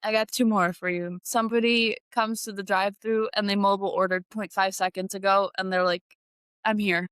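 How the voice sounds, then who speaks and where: A woman co-hosting a podcast in casual chat, animated and laughing as she sets up role-play prompts. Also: mid-range voice, brisk, clean tone, no room sound, studio quality. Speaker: podcast co-host.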